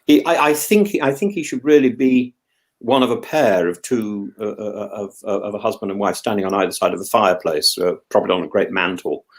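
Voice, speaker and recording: A middle-aged Englishman co-hosts a casual chat in a lowish, fairly quick voice. He keeps restarting his sentences and repeating words as he goes.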